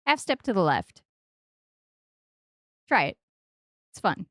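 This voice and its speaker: A woman in her forties chatting casually while streaming a game, playful and jumping into high sing-song stresses on odd syllables, close to the mic. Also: very animated, slow, fairly bright tone, no room sound. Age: 40s.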